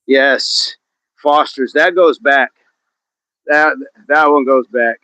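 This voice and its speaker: The voice here is a man's, medium in pitch and sharp in tone, hosting an outdoor fitness livestream. Reading out viewer comments, he chats casually, jokes and laughs frequently. The lo-fi recording is dull and dry, with no echo.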